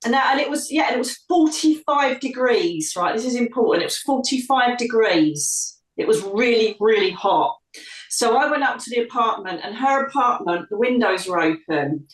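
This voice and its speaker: A middle-aged woman from the UK, a psychic medium telling her life story in an interview, lively and acting out the voices of others. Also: fairly high pitch, normal speed. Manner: animated storyteller, acts out quoted voices. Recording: echoey room, distant from mic.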